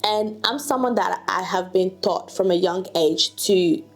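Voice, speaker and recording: A woman from Africa hosting a podcast, telling a personal story in a lively, conversational way and acting out the people in it. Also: on the low side, unhurried, soft background music. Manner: animated storyteller who acts out quoted voices. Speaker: podcast host. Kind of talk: casual storytelling chat.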